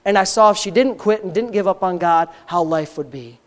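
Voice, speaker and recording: Middle-aged male pastor, fervent storytelling sermon, builds to loud passionate peaks. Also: high voice, brisk. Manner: storytelling, voice rising to impassioned near-shouting. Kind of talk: testimony sermon.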